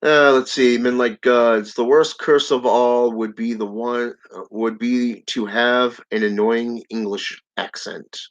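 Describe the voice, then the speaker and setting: A man's voice: medium pitch, fairly even intonation, slow pace, hardly any pauses. A man hosting his channel, reading viewer comments aloud in a casual live-stream chat and chuckling often. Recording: dull lo-fi audio.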